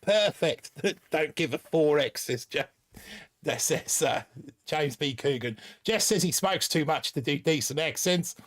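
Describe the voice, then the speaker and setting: A man's voice: on the high side, animated, unhurried. Male, 40s, stream host, faked Aussie accent, talkative and meandering, slightly raised voice. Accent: put-on Australian. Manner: chatty, rambling, reads viewer comments aloud. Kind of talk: casual live stream chat.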